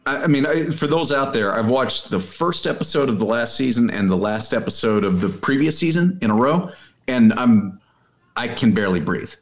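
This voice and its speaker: A man co-hosting a sports podcast in casual, joking banter. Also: moderate pace. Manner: animated, joking, puts on high silly voices. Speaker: podcast co-host. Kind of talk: casual chat.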